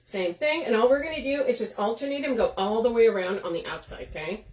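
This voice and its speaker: A woman's voice: fairly high pitch, lively intonation, fast talker, darkish tone. A chatty woman, hosting a live craft demo, talking to viewers by name and laughing often. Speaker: craft shop host. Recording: echoey room.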